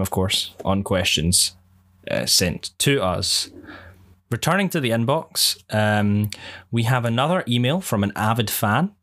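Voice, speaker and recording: Low-voiced man rambling on a podcast. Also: a bit bright. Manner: rambling, hesitant, many fillers. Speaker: podcast co-host. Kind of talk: casual chat.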